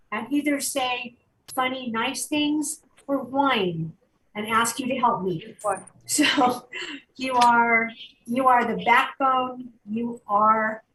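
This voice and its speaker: A woman's voice: a little high, fairly bright tone. A woman city councilor giving an earnest, heartfelt tribute. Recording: echoey audio from far off the mic, faint noise.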